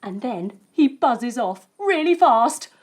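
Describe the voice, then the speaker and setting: A woman telling a story as she leads a yoga lesson for children, playful and gentle as she guides each movement. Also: on the high side, very animated, slow, very noisy. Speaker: kids' yoga instructor.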